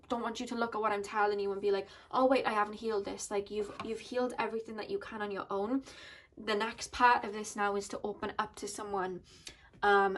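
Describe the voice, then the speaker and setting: A woman's voice: medium pitch, a bit bright. Earnest woman giving a tarot reading. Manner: earnest, flowing, thinks aloud. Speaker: tarot card reader. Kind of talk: intuitive tarot reading to camera.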